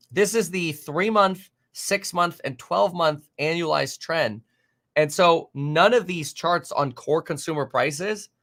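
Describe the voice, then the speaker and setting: A man hosting a live market stream, reading viewer comments aloud and reacting in an animated, exasperated, rambling way with many fillers. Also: on the high side. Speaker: market livestream host.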